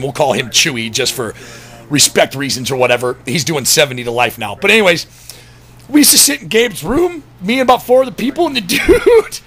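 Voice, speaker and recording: A man with a high, bright, gravelly voice tells a rambling, profane story straight to camera. His pitch swings widely as he talks, and he keeps chuckling through the tale. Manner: rambling, profane, laughs while telling. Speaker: vlogger. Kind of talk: casual storytelling monologue.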